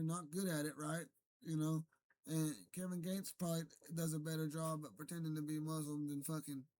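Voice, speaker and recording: A man's voice: fairly high pitch, a little mellow. A man talking alone to camera in an unscripted, argumentative monologue, rambling and correcting himself as he goes. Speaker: streamer. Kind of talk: unscripted solo rant to camera.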